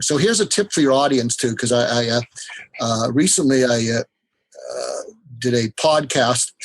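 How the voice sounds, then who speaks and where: A man's voice: medium pitch, breathy edge, no echo, rough recording. A man speaking as a podcast guest, earnestly explaining ideas and giving step-by-step tips with frequent hesitations. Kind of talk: explanatory interview talk.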